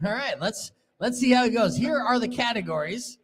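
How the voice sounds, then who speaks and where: A man hosting a live game at a bar event, teasing the players with a quick, playful announcer delivery. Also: extremely high pitch, lively intonation, husky. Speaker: radio host running a live game.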